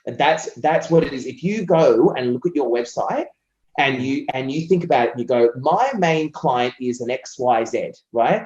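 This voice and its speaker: A man's voice: mid-range voice, lively intonation, normal speed, a little mellow, reverberant, lo-fi sound. A man with an Australian accent being interviewed about copywriting, talking passionately and at length and acting out what his clients say. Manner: passionate, talkative, acts out client quotes. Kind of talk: casual interview conversation.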